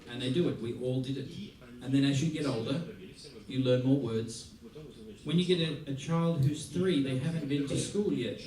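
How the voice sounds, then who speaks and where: A man from Australia giving a music masterclass, playful and lively, acting out little scenes as he teaches. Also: mid-range voice, normal speed. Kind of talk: masterclass talk. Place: large theater hall. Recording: roomy hall from a distance. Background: audience laughter.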